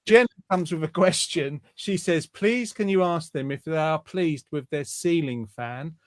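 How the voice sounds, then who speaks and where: Male host, chatty, reads comments on a video call; fairly high voice, dry close sound. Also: a little slow, no echo. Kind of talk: casual online show chat.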